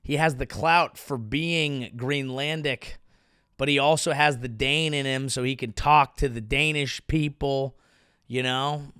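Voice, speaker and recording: A man's voice: medium pitch, steady tone, measured pace, sharp tone, clean tone, no room sound, clean studio sound. A man in his thirties, a comedian hosting his show, rambling through a profane, self-deprecating monologue. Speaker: comedian host.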